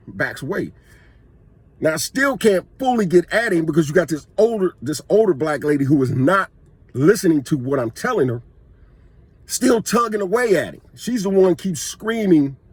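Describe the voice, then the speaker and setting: A man's voice: a little high, a little mellow, husky, no echo. A man vlogging, telling a personal story in a casual, conversational way that is emphatic and full of restarts.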